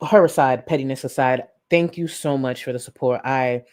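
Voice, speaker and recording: A woman hosting a live-stream commentary, incredulous and animated, thanking viewers for donations between points. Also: very deep voice, moderate pace. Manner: animated, incredulous, thanks chat donors warmly. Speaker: commentary YouTuber.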